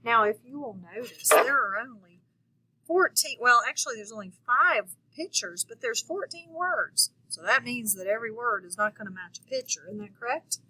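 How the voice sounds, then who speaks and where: A woman's voice: on the high side, animated, normal speed, sharp tone, a little hiss or hum, rough recording. A woman teacher giving a patient phonics lesson to young children, checking in often with them.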